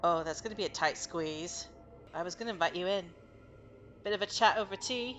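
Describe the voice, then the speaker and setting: A woman's voice: lowish voice, brisk, a bit bright, close to an everyday voice. A woman voicing a tough, scarred woman with professional experience, blunt and wary, over background music. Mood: friendly. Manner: blunt and wary, warns sternly.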